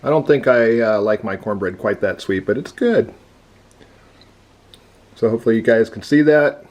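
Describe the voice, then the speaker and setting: A man's voice: fairly low pitch, lively intonation, normal speed, darkish tone. A man giving a casual taste-test review, chewing and talking with his mouth full. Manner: chews and talks with mouth full. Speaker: food reviewer.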